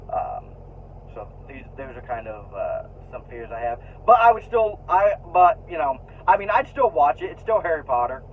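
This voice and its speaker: A man vlogging in a casual, rambling way, full of fillers and restarts, and frank enough to swear when annoyed. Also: medium pitch. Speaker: vlogger sharing opinions. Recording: tinny phone-like sound with faint noise.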